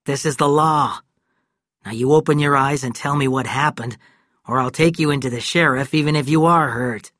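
A stern young lawman, as a male narrator reads him, firing firm, pressing questions. His delivery is slow and slightly husky, recorded close and dry. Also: mid-range voice, animated, a bit bright, dry recording.

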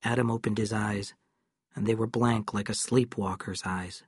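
A man reading a novel aloud in calm, measured scripted narration. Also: on the low side, husky, no echo, studio quality. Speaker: audiobook narrator.

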